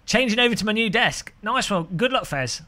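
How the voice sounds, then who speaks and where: A British man with a high, animated voice talks fairly quickly in a sharp tone, chatting jokily on a sim racing live stream from a room at home. He rambles from topic to topic and chuckles often as he games.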